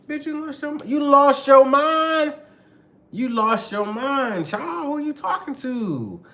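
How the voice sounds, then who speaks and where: A man voicing a sassy, indignant woman who scolds sharply in a high voice. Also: animated, takes it slowly, pushed and bright, exaggerated voice. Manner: shrill, scolding, high-pitched. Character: sassy indignant woman, adult, quick to take offense.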